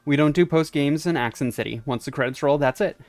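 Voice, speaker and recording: A man's voice: fairly high pitch, quick pace, a little mellow, no echo, lightly acted. A man reading the lines of a laid-back male police captain in a game, in a matter-of-fact, wry way.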